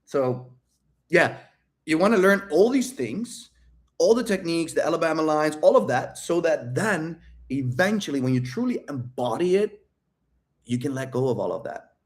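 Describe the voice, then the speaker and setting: A man's voice: a little high, animated, normal speed. Brash, profane male dating coach. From outside the United States. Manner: brash, profane, laughs often. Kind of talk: casual livestream Q&A.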